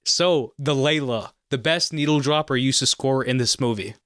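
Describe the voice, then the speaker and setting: A man's voice: mid-range voice, moderate pace, fairly bright tone, clean tone, dry recording. Male podcast host, casual and eager, dry close sound. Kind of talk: casual film discussion.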